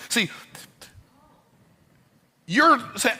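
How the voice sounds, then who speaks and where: A man's voice: on the high side, expressive, normal speed, bright, forceful tone. A man giving a motivational talk, emphatic and joking, repeating his key phrases for effect. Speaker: motivational speaker.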